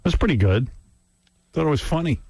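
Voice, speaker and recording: A man's voice: a little high, animated, brisk, creaky, mellow, slightly rough, no room sound. A man hosting a radio show, reacting to played tapes in a wry, offhand way. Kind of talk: casual on-air commentary. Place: radio studio.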